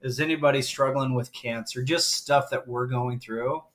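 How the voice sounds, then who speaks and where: Middle-aged man, guest on a live stream, heartfelt emotional storytelling, warm open delivery. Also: medium pitch, fairly even intonation, normal speed. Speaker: guest, grief coach.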